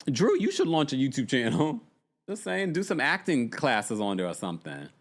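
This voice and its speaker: A man hosting a live recap stream, chatting casually and reading viewer comments in a gossipy, animated way. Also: normal speed. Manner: animated, gossipy, yawning and laughing, swings between high exclamations and low asides.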